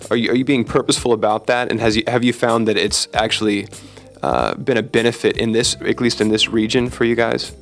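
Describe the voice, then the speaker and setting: A man's voice: medium pitch, brisk, vocal fry, soft background music. A man interviewing a pastor, upbeat, who stumbles through his questions and answers with frequent short affirmations. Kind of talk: casual interview.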